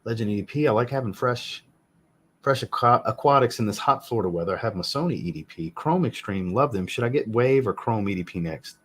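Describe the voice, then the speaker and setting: A man with a fairly low voice chats casually on a home livestream. He answers viewers in a blunt, joking way and swears freely. He sounds like a man in his thirties. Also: animated, fairly quick, fairly bright tone. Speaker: fragrance reviewer hosting a live chat. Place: home room with a fragrance shelf.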